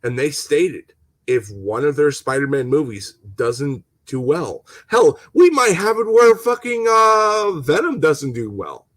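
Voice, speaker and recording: A man's voice: fairly high pitch, big pitch swings, a little slow, a bit bright, no room sound. A man hosting a gaming channel, ranting heatedly on a casual live stream, swearing and stumbling over restarts while answering viewers' comments. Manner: talks to viewers and reads chat comments.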